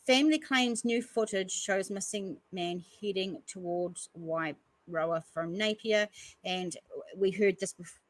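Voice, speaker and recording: A woman hosting a podcast works through news articles at a measured pace in a mid-range voice, frequently halting to comment earnestly between passages. There is no echo, but the audio is poor.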